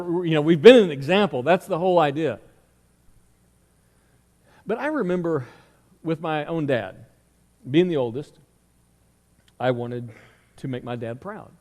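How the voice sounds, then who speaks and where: A man's voice: on the high side, a little mellow, long reverb tail. A middle-aged man preaching a sermon as pastor, telling stories and asking the congregation questions. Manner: conversational storytelling with rhetorical questions. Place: church sanctuary.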